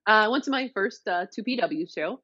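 A woman's voice: mid-range voice, lively intonation, a little fast, bright, forceful tone, dry recording. A woman co-hosting a casual wrestling podcast, telling a rambling story and laughing often. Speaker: podcast co-host. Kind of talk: casual chat. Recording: dull lo-fi dry sound.

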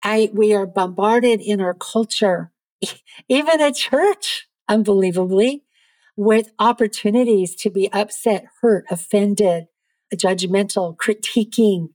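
Podcast guest: earnest woman, mid-range voice, lively storyteller, dry sound. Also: medium pitch, slow, no echo. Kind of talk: faith testimony in a podcast interview.

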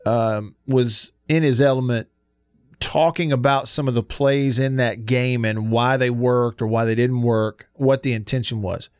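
A man hosting a sports radio show in a studio, talking in a relaxed, chatty way and laughing easily. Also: mid-range voice, unhurried, clear, resonant tone, no room sound. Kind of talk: casual sports talk radio. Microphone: studio microphone.

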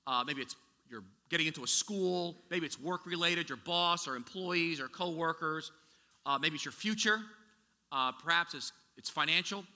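A man's voice: a little high, normal speed, pushed and bright, big-room sound. A man preaching a sermon as a pastor, talking conversationally with rhetorical questions and frequent restarts.

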